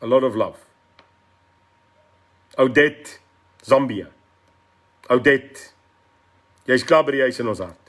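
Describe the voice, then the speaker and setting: A man's voice: medium pitch, slow, pauses often, a bit bright. A middle-aged South African man with a South African accent hosting a live political stream, speaking passionately, mixing in Afrikaans and greeting viewers by name. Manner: impassioned, switches between English and Afrikaans, greets viewers by name. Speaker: political talk show host.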